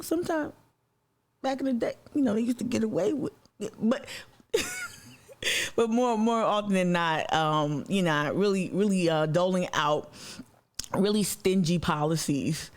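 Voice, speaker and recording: A man's voice: on the high side, clean tone. A man hosting a casual political livestream, talking loosely with many fillers and greeting viewers by name. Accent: Southern US. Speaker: livestream host.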